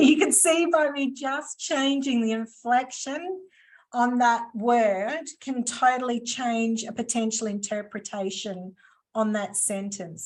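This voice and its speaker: A woman with a slightly raised voice runs a live online training session over a video call. She talks in a chatty, playful way, slipping teasing asides in among her points. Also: a little high. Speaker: workshop presenter.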